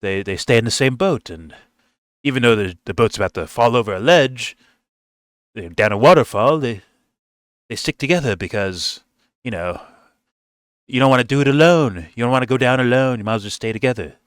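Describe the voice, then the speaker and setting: A man's voice: medium pitch, lively intonation, a little fast, pauses often, no room sound, clean studio sound, lightly acted. A man voicing a smug male life coach who lectures a couple with a boat metaphor. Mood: lecturing.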